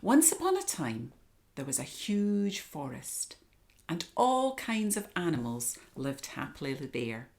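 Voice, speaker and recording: A woman hosting storytime, reading a children's story aloud expressively with dramatic hushes. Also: low voice, wildly swooping pitch, takes it slowly. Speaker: storytime reader.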